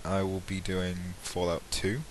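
Deep-voiced young man from the Midlands. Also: completely flat delivery, a little slow, a little hiss or hum, poor audio. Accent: English Midlands. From English Midlands. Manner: rambling, self-mocking, hesitant with many ums. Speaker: let's play channel host. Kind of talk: casual self-deprecating vlog intro.

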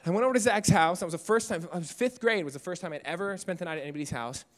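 A man's voice: high voice, rapid-fire. A man in his thirties giving a motivational speech at a youth event, telling a personal story with energy and self-mocking humor. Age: 30s. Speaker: keynote speaker.

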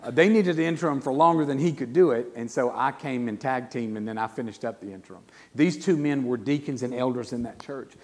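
A man, preaching a sermon and telling a personal story, his voice swinging from hushed to loud. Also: medium pitch, brisk, hardly any pauses. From South Carolina. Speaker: guest preacher. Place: church sanctuary. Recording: long church reverb.

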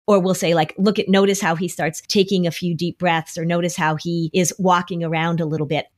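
Lower-voiced woman giving animated parenting advice. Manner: acts out quoted speech with lively shifts. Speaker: anxiety expert. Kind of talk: podcast advice talk.

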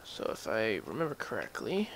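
A man's voice: fairly low pitch, wildly swooping pitch, normal speed, a little hiss or hum. A man giving casual, rambling commentary while playing a video game, chuckling and talking back at the game. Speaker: gameplay commentator. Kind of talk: casual let's-play commentary. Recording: voice over loud game music. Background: game music.

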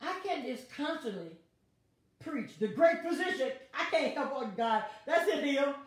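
A woman's voice: high-pitched, lively intonation, unhurried. A woman pastor, leading an online Bible study with call-and-response, exuberant and laughing as she calls out viewers by name. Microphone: device streaming to viewers online. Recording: very echoey, heard from a distance.

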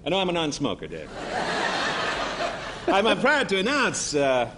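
A man's voice: sits high, huge pitch swings, moderate pace. A man guesting on a late-night talk show, rambling in a dopey, laid-back comic way in front of a live audience. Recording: noisy broadcast with studio audience.

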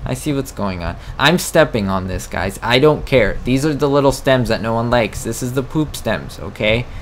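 A man gives casual let's-play commentary on a farming game, teasing his viewers and fretting over the machines. His voice sits at a middle pitch but leaps into high squeaks when something confuses him. A faint hiss runs under the recording. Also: moderate pace. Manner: excitable, jokey, talks to viewers. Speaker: gaming video host.

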